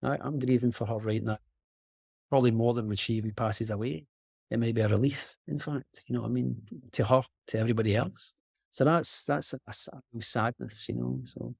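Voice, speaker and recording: A middle-aged man with a Scottish accent, a guest actor talking earnestly and haltingly over a video call. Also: medium pitch, fairly even intonation, vocal fry, darkish tone, husky, no echo, studio quality. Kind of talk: reflective conversation.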